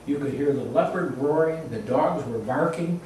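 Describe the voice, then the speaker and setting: A man's voice: fairly high pitch, normal speed, darkish tone. Man telling a story in an echoey room. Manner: plain, repetitive storytelling, builds suspense. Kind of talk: casual spoken personal anecdote. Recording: very echoey room, distant mic, faint noise.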